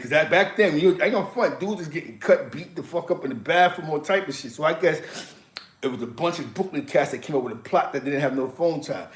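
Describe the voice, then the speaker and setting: Man, New York accent, slangy, laughs a lot, slightly high voice, roomy echo. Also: fast talker. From East Harlem, New York. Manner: laughing, slangy, animated storytelling. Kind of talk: casual storytelling.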